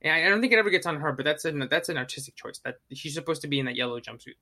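Podcast cohost ranting about movies, bright sharp voice, swears a lot, acts out reactions. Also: medium pitch, very fast. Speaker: podcast co-host. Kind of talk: casual movie review chat.

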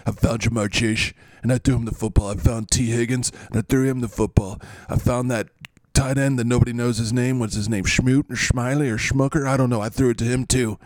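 A man's voice: medium pitch, steady tone, fairly quick, dry recording, close to an everyday voice. A man doing a bragging, self-important quarterback. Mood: boastful. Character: boastful swaggering adult male quarterback.

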